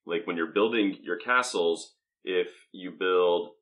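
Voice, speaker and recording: A man's voice: low voice, takes it slowly, dull audio. A man co-hosting a board game review, explaining the rules in a casual, self-deprecating way. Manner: explanatory, self-deprecating about his accent.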